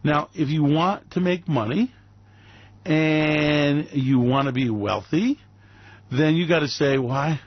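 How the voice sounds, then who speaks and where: Male radio host, sarcastic ranting monologue, raised pitch, flat lo-fi sound. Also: takes it slowly, no echo. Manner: mocking, theatrical, swings into put-on silly voices.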